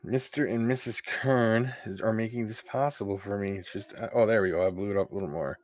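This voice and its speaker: Man, low-pitched, rambling casual stream host, dry close sound. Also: steady tone, a little fast, no echo. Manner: rambling, keeps clearing his throat. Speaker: host of a live hangout stream. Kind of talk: casual live-stream chat.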